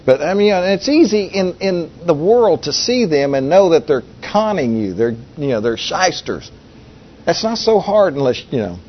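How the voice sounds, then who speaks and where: Folksy male preacher, lo-fi recording. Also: medium pitch. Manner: folksy, conversational, asks the audience rhetorical questions. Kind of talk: sermon. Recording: dull lo-fi recording with faint hiss.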